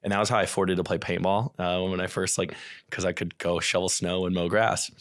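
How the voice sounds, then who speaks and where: Deep-voiced Midwestern man telling stories. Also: fairly quick, no echo, studio quality. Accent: American Midwest. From St. Louis area, USA. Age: 30s. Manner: chatty storyteller, animated, acts out quotes. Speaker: podcast guest, real estate investor. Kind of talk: casual podcast interview.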